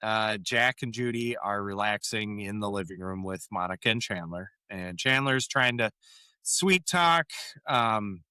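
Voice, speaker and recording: A man's voice: on the low side, unhurried, clean tone, dry recording. A man co-hosting a podcast, recapping a sitcom episode in casual chat and acting out the characters' lines between laughs. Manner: animated retelling, quoting lines with frequent laughs. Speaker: podcast co-host.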